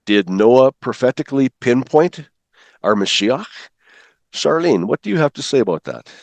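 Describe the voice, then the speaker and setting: A man walks a class through Bible calendar slides. He talks quickly and stops often to put questions to the listeners. His voice sounds dry and close, with no room around it. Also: medium pitch, sing-song, vocal fry, darkish tone, dry recording. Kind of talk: slide-based classroom teaching.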